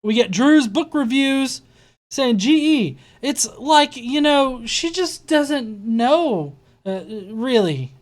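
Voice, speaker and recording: A woman's voice: high voice, animated, slow pace. A woman hosting a live reaction show, commenting in a sarcastic, incredulous way with swearing. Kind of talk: mocking live-stream commentary.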